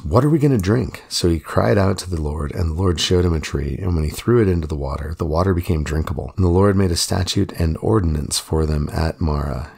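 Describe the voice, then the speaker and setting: A man's voice: deep voice, vocal fry, a little mellow, slightly rough. A man giving a conversational, earnest reflection on a Bible reading as a pastor.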